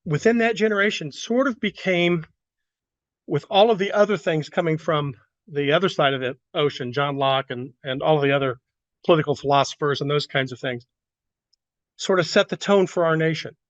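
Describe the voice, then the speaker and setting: A man's voice: on the high side, moderate pace, dry recording, lo-fi sound. A man teaching a Bible lesson to a class in a church room, talking loosely and asking the group questions. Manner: conversational, asks the class questions, many restarts.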